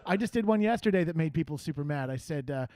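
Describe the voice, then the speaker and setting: Man, slightly high voice, deadpan comic co-host, dry close studio sound. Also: fast talker, no echo. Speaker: podcast co-host. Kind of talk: casual comedic chat. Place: podcast studio.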